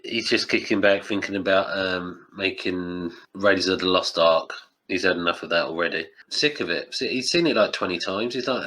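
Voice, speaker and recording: Low-voiced man chatting casually. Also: moderate pace, pushed and bright. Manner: chatty, laughs often, drops into mock quotes. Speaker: podcast host. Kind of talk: casual chat.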